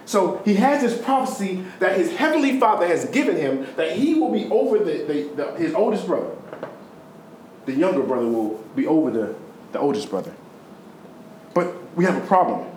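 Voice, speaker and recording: A man preaching a sermon, retelling a story in a conversational way with sudden high, emphatic stretches and low, quiet ones. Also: reverberant, a little hiss or hum, poor audio.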